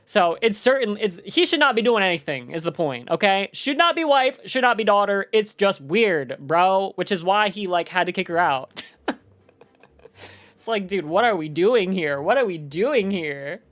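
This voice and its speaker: A woman's voice: mid-range voice, sing-song, moderate pace, fairly bright tone. A young adult woman streaming live, chatting casually in a slangy, rambling way, full of "like" and "dude".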